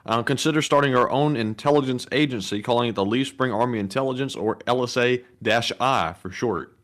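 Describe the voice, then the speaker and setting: A man's voice: medium pitch, a little fast, fairly bright tone. A man co-hosting a casual live stream, reading viewer messages aloud and dropping dry puns and skeptical asides. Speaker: co-host reading super chats.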